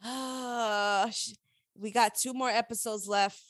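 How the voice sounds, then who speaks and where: A woman recapping a TV episode in casual chat, animated, opinionated and profane. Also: a little high, moderate pace, no room sound.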